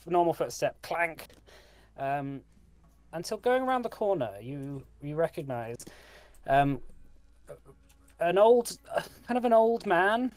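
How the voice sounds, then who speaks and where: A man narrating a tabletop game as game master, halting with fillers and laughs. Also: a little high, darkish tone, no echo.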